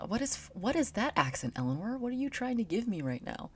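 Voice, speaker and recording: A woman's voice: a little high, big pitch swings, a little fast, husky. A young woman streamer reading a visual novel aloud, chatting in playful asides.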